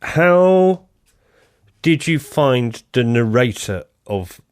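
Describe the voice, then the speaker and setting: A man hosting a podcast in casual chat, lively and jumping up in pitch to make a point. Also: extremely slow, smooth, no echo, clean studio sound. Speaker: podcast host.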